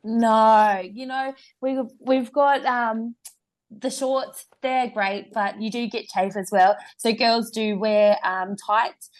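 A woman's voice: on the high side, steady tone, takes it slowly. A woman guest athlete talking in a friendly, chatty way with plenty of fillers. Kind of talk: casual interview chat.

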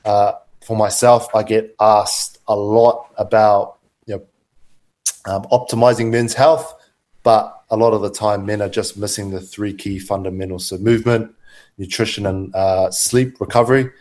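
A man speaking as a guest on a podcast, giving relaxed, practical health advice. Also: lowish voice, moderate pace. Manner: relaxed, steady, gives practical health tips. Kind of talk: casual advice in interview.

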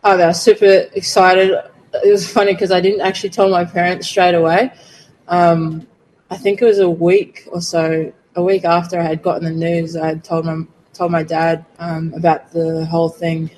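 A woman in her thirties speaks in an even, level tone, answering interview questions sincerely and leaning on filler phrases. A faint hum of background noise sits under her voice. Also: lowish voice, normal speed, low-quality recording. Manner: earnest, many "you know" fillers. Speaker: rugby player guest.

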